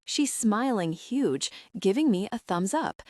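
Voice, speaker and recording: A woman narrating an audiobook in the first person, with expressive, intimate storytelling. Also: mid-range voice, a little slow, dry recording, studio quality.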